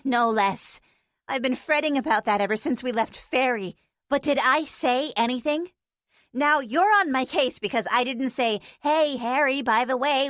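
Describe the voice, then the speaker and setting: A woman's voice: fairly high pitch, a bit bright, dry recording, studio quality. A woman voicing a small, teary female pixie who is blunt, sarcastic and swears.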